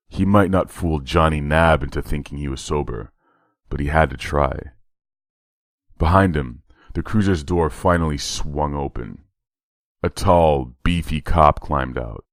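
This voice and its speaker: A man narrating a horror short story in a measured, dramatic read. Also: rumbling low, dry recording, clean studio sound.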